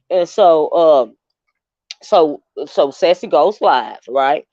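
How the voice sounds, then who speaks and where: A woman's voice: low voice, lively intonation, measured pace, a little mellow, no room sound. A woman hosting a casual livestream, telling a long rambling story straight to her viewers. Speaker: livestream host. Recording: dull, dry lo-fi stream audio.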